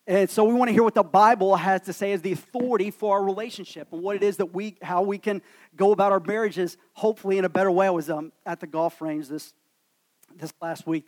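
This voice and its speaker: A man, a pastor preaching a sermon in a church in a conversational, self-deprecating storytelling manner. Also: high voice. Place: church sanctuary.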